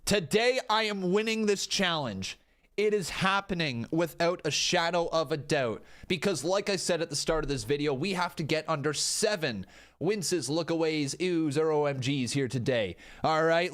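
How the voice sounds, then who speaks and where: A man reacting to wrestling clips in a casual, self-mocking way, often yelping and shouting. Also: fairly high pitch. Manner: excitable, yelps and shouts in reaction. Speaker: wrestling YouTuber.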